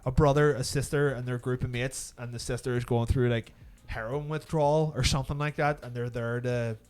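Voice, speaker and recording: A man co-hosting a podcast in casual chat, animated and swearing, mocking people with put-on voices. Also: medium pitch, a little fast, clear, resonant tone. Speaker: podcast co-host.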